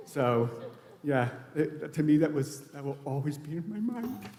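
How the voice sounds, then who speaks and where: A man's voice: on the high side, normal speed, a little mellow. A man giving a eulogy for his late wife at a funeral, telling rambling, anecdotal stories with many restarts. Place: large church sanctuary. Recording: echoey church hall.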